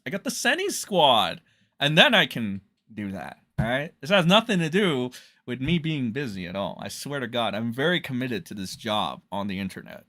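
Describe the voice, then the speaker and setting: A man's voice: mid-range voice, normal speed. A man doing casual livestream commentary, rambling, swearing freely and breaking into laughs. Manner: profane, excitable, laughs often, rambling.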